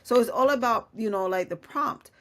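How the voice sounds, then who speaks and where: A woman's voice: on the high side, moderate pace. Chatty woman podcast host. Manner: chatty, full of "you know" fillers, laughs often. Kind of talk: casual conversation.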